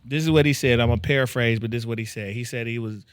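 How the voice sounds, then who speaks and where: A man's voice: mid-range voice, racing, clean tone, no echo, clean studio sound. A young man, hosting a podcast in casual chat, joking, laughing often and retelling stories. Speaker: podcast host.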